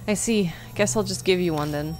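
A woman's voice: lowish voice, normal speed, a little mellow, a little hiss or hum, close to an everyday voice, rough recording. A woman doing a wheedling shady journalist man. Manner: casual, wheedling. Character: shady scrounging middle-aged male journalist. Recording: game music playing behind.

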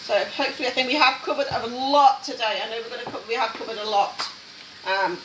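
A woman hosts a casual cooking demonstration, chatty and encouraging as she works. Her voice sits fairly high. She is recorded in an echoey home kitchen from some distance, with steady noise behind her. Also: fast. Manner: chatty, encouraging, talks while working. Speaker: cooking show host.

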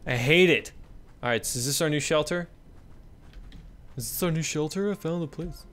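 Animated young man gaming, yelping and murmuring. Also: fairly high pitch, moderate pace, faint music behind. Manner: animated, swings between loud yelps and hushed murmurs; swears casually, talks to his in-game kids. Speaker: let's play gamer. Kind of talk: excited gameplay commentary.

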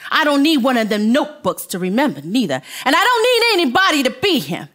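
A tough, scornful streetwise prostitute, acted by a woman, spitting out blunt street talk. The voice sits high and swings widely, with a bright, sharp edge. It is stage drama, played live in a theater. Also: sing-song, fast talker. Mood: bitter. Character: brash, tough working-class female prostitute. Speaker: stage actor. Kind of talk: live stage play acting.

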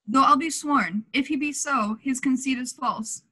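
A genial, scheming prince, played by a teenage girl, stately and fond of matchmaking. The voice is high. It comes over a home video call for a school play. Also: moderate pace, pushed and bright, breathy edge, heavily acted. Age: late teens. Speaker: student actor.

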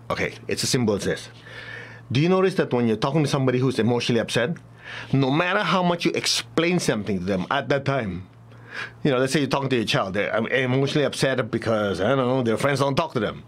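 A man's voice: mid-range voice, animated, fast. Chatty man teaching a spiritual class. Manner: chatty, laughs often, acts out examples. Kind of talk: casual talk to a class.

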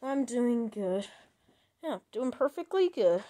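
A woman voicing a calm, mild-mannered male killer in a plush toy skit, answering softly. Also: on the high side, slow pace.

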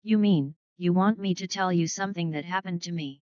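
A woman's voice: lowish voice, a little fast, a little mellow, no echo, close to an everyday voice. A woman voicing a vague, wide-eyed young actress in a dry, dull recording.

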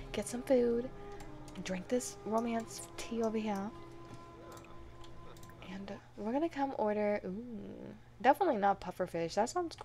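Excitable woman narrating her gameplay. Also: on the high side, creaky. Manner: excitable, dramatic, frequent gasps and laughs. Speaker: gaming channel host. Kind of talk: let's play commentary.

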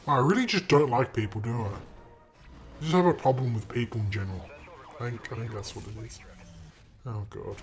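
Faint music plays behind a young gaming channel host recording at home on a desk mic. His medium-pitched voice moves at a normal speed with frequent pauses as he delivers profane gameplay commentary, trash-talking other drivers crudely and sarcastically and breaking into sudden loud shouts.

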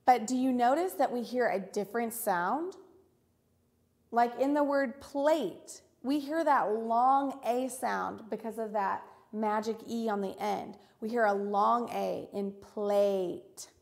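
A woman teaching an online reading lesson for young children, encouraging and repeating each word slowly. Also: fairly high pitch, gravelly, darkish tone.

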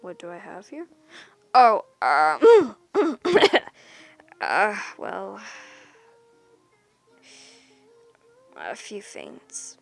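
A woman voicing a remorseful young boyfriend in a whispered role-play, talking in a hushed, apologetic way with some swearing. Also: mid-range voice, huge pitch swings, extremely slow, creaky, heavily acted. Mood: bashful. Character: remorseful young boyfriend, jealous, hot-tempered.

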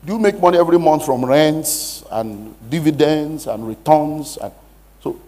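A man's voice: fairly high pitch, normal speed, warm tone. A man who is a pastor, giving a preaching-style money lecture with emphatic rhetorical questions. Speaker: pastor teaching a money seminar.

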